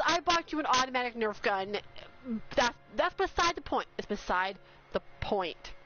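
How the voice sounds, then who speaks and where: A woman streamer, talking to her live chat in an excited, overwhelmed rush of exclamations. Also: high voice. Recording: slightly dull sound with faint noise.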